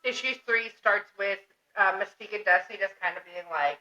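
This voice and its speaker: A young woman co-hosting a podcast, recapping a comic in animated, casual talk, laughing and swearing freely. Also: mid-range voice, brisk. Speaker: podcast co-host. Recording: roomy, distant, dull lo-fi sound.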